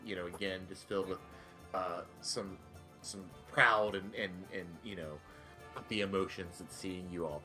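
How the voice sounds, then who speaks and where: A man's voice: low-pitched, normal speed, pushed and bright, faint music behind. A man narrating a tabletop game as game master, loose and rambling with many fillers.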